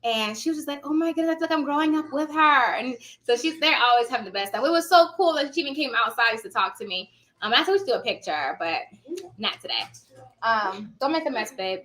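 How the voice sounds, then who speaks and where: A woman's voice: a little high, expressive, a little fast, a bit bright. A woman in her thirties chatting casually to her viewers, telling stories and calling them y'all. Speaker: notary signing agent vlogger.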